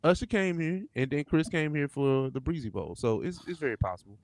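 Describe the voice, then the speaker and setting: A man's voice: a little high, animated, brisk, no room sound. A man hosting a podcast in casual chat, laid-back and laughing often. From St. Louis area. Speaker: podcast host.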